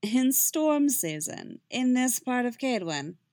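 A woman's voice: on the high side, very animated, takes it slowly, a little mellow, no room sound, studio quality, pitched above the performer's own voice. A woman voicing a haughty, cold-tongued sorceress who drawls her cutting words, in a fan fiction reading.

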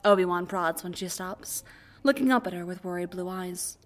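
A woman narrating fan fiction aloud as an audiobook, in a quiet, even storytelling voice. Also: fairly low pitch, normal speed.

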